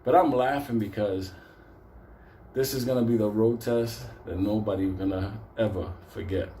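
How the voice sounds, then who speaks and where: A man's voice: lowish voice, normal speed, mellow, slight background noise. A man telling a casual anecdote, swearing constantly, breaking into laughter and acting out the people in his story.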